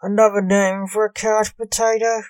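A woman's voice: medium pitch, little pitch movement, moderate pace, no echo, clean studio sound, lightly acted. A woman voicing an irritable grown necromancer who speaks coldly and darkly. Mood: exasperated. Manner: cold, dark and hissing.

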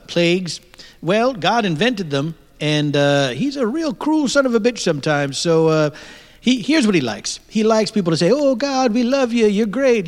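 A man's voice: sits high, big-room sound. A man playing a blustering, panicky reverend. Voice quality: blustering, crude preacher patter. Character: pompous, panicky male reverend recruiting churchgoers.

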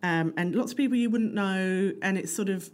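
A woman co-hosting a casual chat, talking in a wry, measured way. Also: medium pitch. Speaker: podcast co-host.

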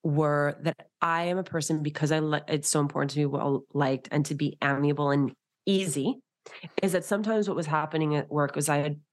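Low-voiced woman chatting animatedly. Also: fairly quick. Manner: animated, quotes herself in jumpy voices. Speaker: guest, author and TV host. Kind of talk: casual conversation.

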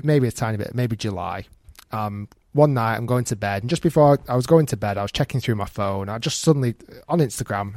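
A man's voice: medium pitch, no room sound. Male podcast host, dry sound. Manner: animated storyteller, acts out quotes. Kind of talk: casual chat.

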